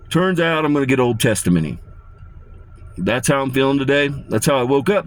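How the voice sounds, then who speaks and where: A man delivering a rambling, profane and menacing rant to his viewers, often repeating himself. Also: mid-range voice. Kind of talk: ranting monologue to camera.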